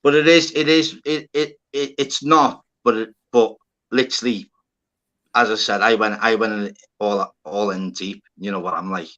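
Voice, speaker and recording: A man's voice: fairly low pitch, steady tone, normal speed, pushed and bright, lo-fi sound. A man hosting a live stream panel. He tells stories in a casual, sweary way and acts out both sides of each conversation, talking into his phone. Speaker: livestream host. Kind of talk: casual storytelling chat.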